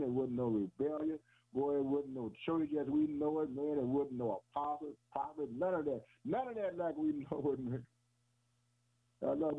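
A man preaching a sermon on the radio in a rhythmic, repetitive way, often calling his listeners "boy" and "man" and chuckling between phrases. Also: on the high side. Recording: tinny phone-like radio broadcast.

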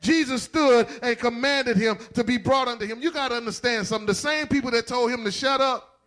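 A man preaching a sermon in a call-and-response style, rising into shouts and half-sung lines. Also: very high voice, a little fast.

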